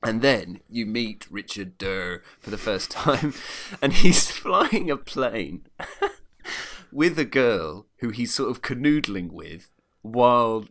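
A man's voice: lowish voice, lively intonation, takes it slowly, fairly bright tone. A man chatting casually as a podcast co-host, rambling with frequent laughs and restarts. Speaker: podcast co-host reviewing a film. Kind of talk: casual chat.

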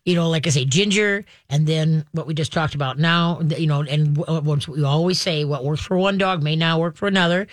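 A woman hosting a pet advice show, talking casually and acting out owners with quick voices. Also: deep voice, dry recording, clean studio sound. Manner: animated, acts out dog owners in quick voices. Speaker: veterinarian radio host.

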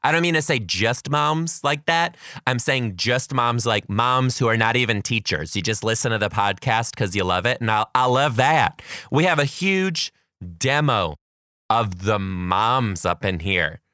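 Bright, animated male podcast host. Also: medium pitch, measured pace, no echo, clean studio sound. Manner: animated, jokey, with voiced quotes of kids. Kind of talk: comedic storytelling podcast.

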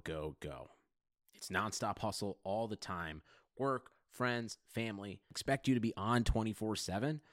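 Low-voiced man reading a beer ad. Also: dry recording, clean studio sound. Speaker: ad announcer. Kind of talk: scripted ad read.

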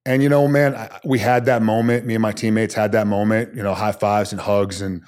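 Speaking a little fast with few pauses, a soldier in his thirties delivers stories in a clear, resonant, lowish voice. He's a guest on a podcast, an Army special forces man in a casual interview, and he's a blunt, salty storyteller who acts out every quote with animation.

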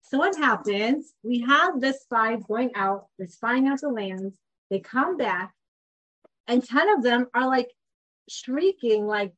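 A woman's voice: on the high side, animated, slow, fairly bright tone. A woman in her thirties teaching a class in a chatty way, often asking the group questions. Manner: conversational, asks the class questions. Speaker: Torah teacher. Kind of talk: informal class talk to a group. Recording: dull lo-fi class recording.

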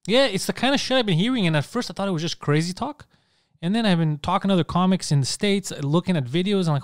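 Man, high voice, quick speech, swearing, laughing, dry close sound. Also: dry recording. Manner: profane, animated, laughing often. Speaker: comedian. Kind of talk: casual podcast chat.

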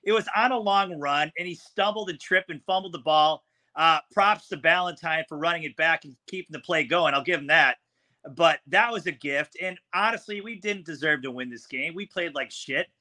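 A man's voice: fairly high pitch, normal speed, bright, forceful tone. A man co-hosting a casual sports podcast, giving blunt and frustrated analysis of a game. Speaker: podcast co-host.

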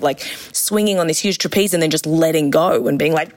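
Enthusiastic woman, lively storytelling. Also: lowish voice, fast. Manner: enthusiastic, acts out quotes in shifting voices. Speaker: roller skating instructor. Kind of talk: casual interview chat.

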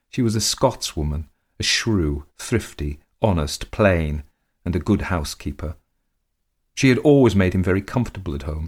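A man reading a period story aloud in measured, dramatic scripted narration. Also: low voice.

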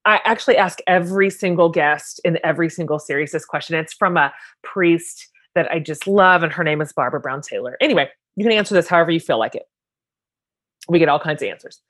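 A woman's voice: deep voice, quick pace. A woman hosting a podcast interview, asking casual questions with lots of "like" and enthusiastic agreement. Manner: warm, enthusiastic, filler-heavy questions. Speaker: podcast host.

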